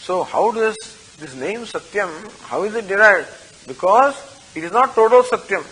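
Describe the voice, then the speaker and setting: An older man teaches a scriptural text, his voice husky yet bright and a little high. He explains slowly, padding his points with "you know," and recites the Sanskrit between explanations. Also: lively intonation, rough recording. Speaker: Vedanta teacher. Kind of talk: scriptural study class.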